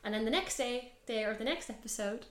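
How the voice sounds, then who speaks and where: A young adult woman co-hosting a podcast, casually recapping a TV series in an animated way, full of fillers and swearing. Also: on the high side, fairly quick, reverberant. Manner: animated, heavy filler use, swears freely. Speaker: podcast co-host.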